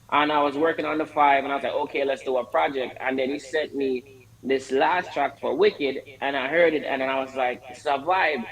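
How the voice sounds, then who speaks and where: A man's voice: fairly high pitch, a bit bright, low-quality recording. A man, a guest artist in a casual radio interview, telling stories and acting out the voices of the people he quotes. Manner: storytelling, acts out quoted voices.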